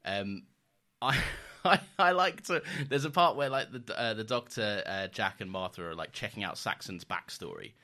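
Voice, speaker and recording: A man chatting on a podcast with a bright, forceful tone. His voice sits low but swings widely as he talks. He curses casually and breaks into laughter a lot. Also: normal speed. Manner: animated, swears, laughs often. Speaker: podcast co-host. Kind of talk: casual chat.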